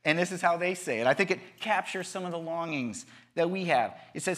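Guy pastor preaching in church, casual tone, slightly high voice, repeats himself a lot. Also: lively intonation, brisk, few pauses, fairly bright tone. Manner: conversational, repeats words, acts out voices. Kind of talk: sermon.

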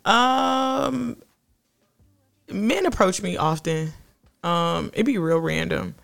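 A young woman co-hosting a podcast, telling stories in a blunt, animated, profane way. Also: mid-range voice, slow pace, creaky. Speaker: podcast co-host. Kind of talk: casual chat.

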